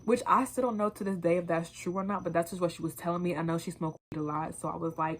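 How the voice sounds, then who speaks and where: A young woman vlogger telling a casual, animated storytime, full of swearing and acted-out quotes. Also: fairly low pitch, fast talker, hardly any pauses, slight background noise. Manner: animated, profane, quoting herself in voices.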